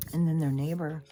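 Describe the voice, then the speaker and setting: A woman's voice: low voice, a little hiss or hum. A woman talking in a casual, rambling monologue, swearing often and mimicking other people as she tells stories. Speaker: spiritual podcaster.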